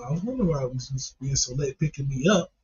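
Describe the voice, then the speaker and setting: Husky man telling a funny story. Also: mid-range voice, expressive, fast talker. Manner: profane, laughing while telling the story. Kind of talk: casual comedic storytelling. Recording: dull lo-fi recording.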